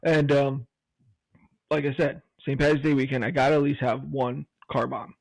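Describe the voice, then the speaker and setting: A man's voice: medium pitch, level tone, moderate pace, vocal fry, a little mellow, no echo, low-quality recording. A man co-hosting a podcast in casual chat, telling stories with frequent laughter. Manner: storytelling, laughs often. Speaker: podcast co-host.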